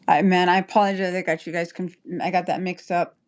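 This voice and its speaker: A woman's voice: fairly low pitch, little pitch movement, a little fast. A woman chatting on a livestream, rambling and apologetic, stopping and restarting her sentences. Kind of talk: casual livestream chat.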